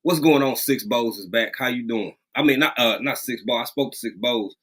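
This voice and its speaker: A man hosting a casual livestream from a rural home, greeting viewers by name and talking in a lively, drawling way, repeating phrases. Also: mid-range voice, moderate pace. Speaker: livestream host.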